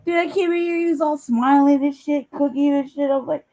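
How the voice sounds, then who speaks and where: Mellow-voiced woman, teasing casual chatter. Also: sits high, fairly even intonation, brisk, few pauses, low-quality recording. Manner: teasing, laughs often, swears freely. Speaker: streamer. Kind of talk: casual chat.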